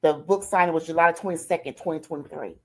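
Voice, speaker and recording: This older woman has a deep voice and a quick pace. She's the guest, sharing her life story on a streamed interview in a heartfelt, conversational manner, repeatedly saying "I said" and "she said."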